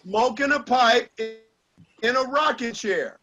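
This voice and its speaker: A man's voice: extremely high pitch, a little slow, sharp tone, soft background music. A man giving a motivational speech with an emphatic, preacher-like cadence and lots of repetition. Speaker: motivational speaker.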